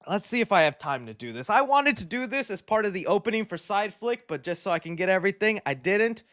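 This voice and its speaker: A man's voice: high-pitched, fairly bright tone, no echo, studio quality. A man hosting a movie news livestream, chatting with viewers in upbeat, slangy, jokey banter. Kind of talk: casual live-stream chat.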